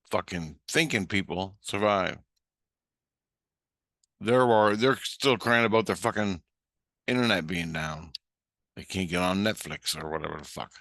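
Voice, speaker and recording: A man's voice: low-pitched, dry recording, clean studio sound. A man rambling in a profane, ranting monologue. He acts out both sides of a conversation as he tells it. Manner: profane, ranting, animated retelling. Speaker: vlogger.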